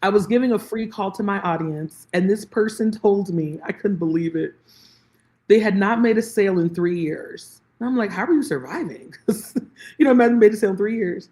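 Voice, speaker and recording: A woman speaking over a video call, animated and expressive as she acts out quoted exchanges. Her voice sits at an ordinary pitch. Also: normal speed. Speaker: guest, lead generation specialist. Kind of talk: conversational interview.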